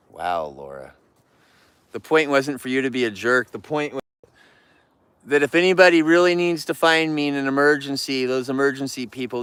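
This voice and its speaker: A man's voice: medium pitch, fairly bright tone, clear, resonant tone, no room sound. A man live-streaming outdoors near bears, ranting about rude viewers and scolding the animals in a rambling chat.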